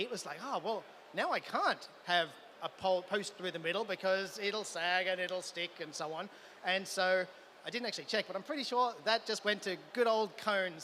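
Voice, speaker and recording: An Australian man speaks at a conference with eager enthusiasm, tripping over restarts as his ideas run ahead of him. His voice sits high and bright. Faint event ambience hums behind him. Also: a little hiss or hum. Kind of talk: live conference talk. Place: event hall.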